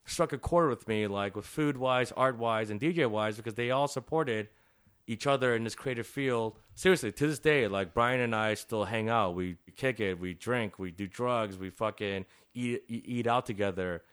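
A man's voice: mid-range voice, normal speed, clear, resonant tone. Profane, laughing middle-aged man telling stories. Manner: profane, laughing, animated storytelling. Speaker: visual artist guest. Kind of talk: casual storytelling interview.

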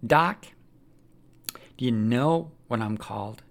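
A gloating storybook devil, voiced by a man, sarcastic and taunting as he lays out his schemes. His voice is gravelly and rough at the edges, sitting in a middling pitch. He sneers more than he shouts. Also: slow. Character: sly taunting male devil, Lucifer, mocking.

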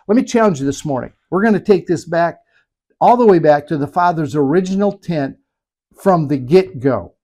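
A man's voice: on the high side, dark tone. A man preaching a sermon, emphatic, asking rhetorical questions and repeating phrases for effect. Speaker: pastor.

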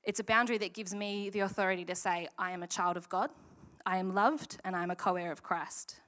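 A woman's voice: mid-range voice, a little fast. A woman giving a casual, candid sermon talk at church, acting out quoted lines in a chatty way. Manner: chatty, candid, animated quoting. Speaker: church speaker.

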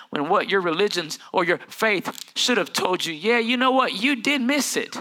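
During his sermon, a male pastor tells stories, mimics family voices, and moves from quiet asides to loud, building preaching. His voice is high-pitched and animated, at a normal speed with few pauses.

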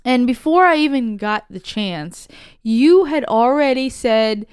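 A woman's voice: on the high side, expressive, measured pace, a little mellow, clear, resonant tone, no echo, studio quality. A woman co-hosting a podcast in casual chat, blunt, teasing and profane. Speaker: podcast co-host. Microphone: studio microphone.

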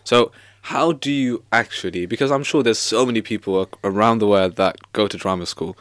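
A man with a fairly low voice hosts a casual interview. He asks curious, probing questions and stumbles over repeated words before he gets going. The sound is close and dry. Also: brisk, a bit bright, dry recording. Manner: inquisitive, stammering repeats. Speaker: podcast host.

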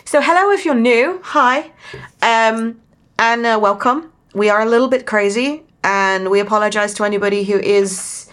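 A young woman with a British accent, co-hosting a podcast in fast, joking casual chat. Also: on the high side, fairly bright tone. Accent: British English. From England. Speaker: podcast co-host.

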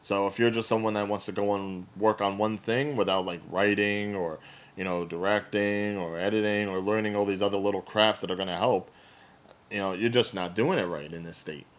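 A man's voice: on the low side, a little fast. Man, new jersey accent, young adult, casual podcast chat, opinionated, laughs a lot. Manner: animated, opinionated, laughs often.

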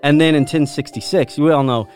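A man's voice: on the high side, brisk, darkish tone, faint music behind. A man with a British accent, chatting casually as he explains a topic to friends and asking them questions along the way. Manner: enthusiastic, lecturing, asks the others questions. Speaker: host explaining the history of English.

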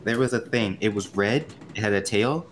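A man's voice: lowish voice, normal speed, a little hiss or hum, natural voice. A man voicing a flustered young female adventurer who nervously over-explains while deafened.

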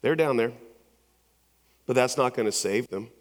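The sound of a church sanctuary, with its long hall reverb, surrounds a male pastor giving a sermon at normal speed in a mid-range voice. His storytelling is conversational, full of restarts and repeated words.

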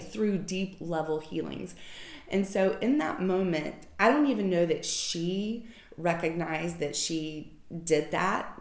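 A woman candidly telling a personal story in an emotional, informal way, swearing casually. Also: on the low side. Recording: echoey room.

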